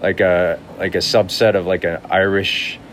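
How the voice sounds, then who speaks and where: A man with a deep, low voice chats loosely on a podcast, circling his thoughts with fillers and false starts. A faint hum of air conditioning sits under him. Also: flat delivery, moderate pace, fairly bright tone. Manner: rambling, hesitant, many fillers. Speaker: guest comedian. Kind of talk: casual podcast chat.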